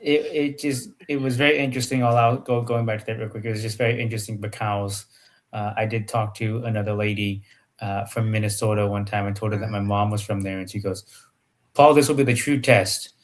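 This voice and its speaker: A man's voice: on the low side, little pitch movement, brisk. A man co-hosting a podcast in casual chat, telling stories and acting out the dialogue. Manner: storytelling, acts out dialogue. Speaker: podcast co-host.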